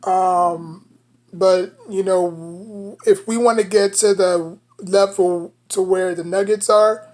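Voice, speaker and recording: A woman's voice: mid-range voice, fairly even intonation, takes it slowly, darkish tone. A woman with a New York accent giving casual basketball commentary as a sports vlogger, rambling and leaning on "you know" between thoughts.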